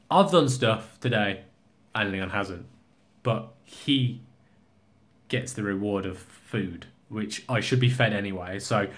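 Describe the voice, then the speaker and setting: Rambling young man vlogging casually. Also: fairly low pitch. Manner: rambling, joking, swears a lot. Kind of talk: casual vlog rant.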